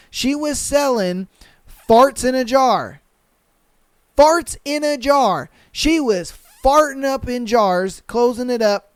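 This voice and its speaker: A young man hosting a podcast, reading listener answers aloud and reacting with loose, profane slang and sudden loud outbursts. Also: high voice, clear, resonant tone, dry recording. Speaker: podcast host.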